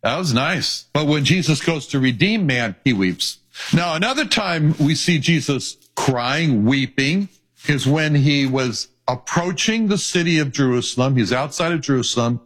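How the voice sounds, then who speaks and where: Husky-voiced man preaching a sermon. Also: medium pitch, lively intonation, normal speed, a bit bright. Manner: earnest preaching with repeated phrases; reads scripture in old-fashioned wording. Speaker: pastor.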